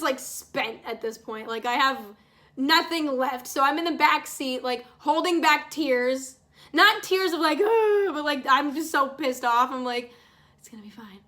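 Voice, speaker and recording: High-pitched, pushed, and bright, this young woman's voice carries a storytime vlog done while painting. She sounds exasperated, swears a lot, and acts out quoted lines from people in the story.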